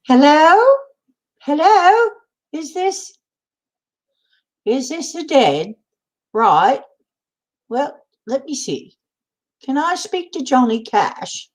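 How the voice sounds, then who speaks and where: A prim caller ringing up the land of the dead, as a woman puts her on in a mock-British accent. The voice sits high, with a theatrical telephone primness. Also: very animated, drawn-out words, pauses often, heavily acted. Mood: playful. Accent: put-on British.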